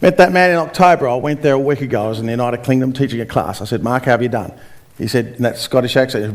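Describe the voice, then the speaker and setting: A man's voice: mid-range voice, fast talker. A middle-aged Australian man giving a motivational seminar talk, telling stories with quoted dialogue and quizzing the audience. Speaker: seminar speaker.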